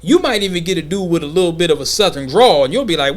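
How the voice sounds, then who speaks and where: A man hosting a podcast, talking in an emphatic, slangy, animated way during a casual debate. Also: a little high, fast talker, few pauses. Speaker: podcast host.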